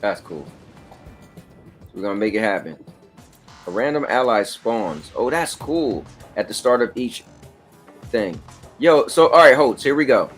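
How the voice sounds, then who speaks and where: A man hosting a casual chat while playing a game, relaxed and reading out game stats. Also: mid-range voice, a little slow, pauses often, faint music behind. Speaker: host.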